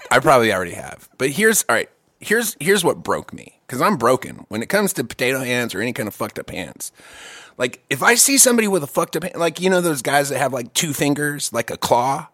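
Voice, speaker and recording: A man telling a long story in casual chat, profane and animated, with quick asides and restarts. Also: mid-range voice, no echo, studio quality.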